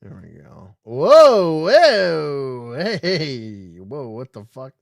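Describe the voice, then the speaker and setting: A man's voice: on the low side, big pitch swings, slow pace, gravelly, dry recording. Rambling sarcastic man, dry close mic. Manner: rambling, sarcastic, swears often. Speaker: podcast host. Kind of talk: casual live-stream commentary reading news aloud.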